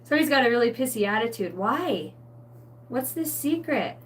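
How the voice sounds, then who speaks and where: A woman giving a rambling spiritual tarot reading, excitable and swearing constantly in a stream-of-consciousness flow. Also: fairly high pitch, moderate pace, far from the mic, a little hiss or hum. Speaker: tarot reader.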